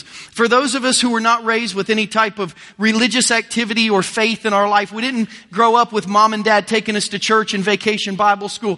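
A man's voice: high voice, pushed and bright, big-room sound. A man with a Midwestern American accent, preaching a sermon as pastor in an earnest, emphatic way with repeated phrases. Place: church auditorium.

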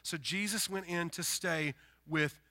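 A man from the Deep South with a Southern accent, preaching a sermon in an animated, emphatic way, swinging between loud bursts and quiet stretches. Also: a little slow. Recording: long hall reverb.

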